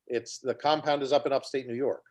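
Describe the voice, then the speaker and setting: A man's voice: mid-range voice, steady tone, brisk. Matter-of-fact man sharing movie trivia. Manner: confident, matter-of-fact, laughs easily. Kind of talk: casual chat.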